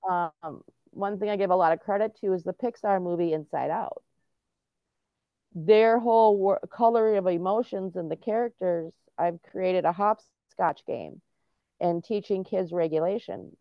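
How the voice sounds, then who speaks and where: A woman's voice: on the low side, unhurried, no echo. A middle-aged woman, a guest on an interview podcast, explaining things earnestly with frequent restarts. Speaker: guest, autism and veterans advocate. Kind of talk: casual interview talk. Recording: dull lo-fi dry sound.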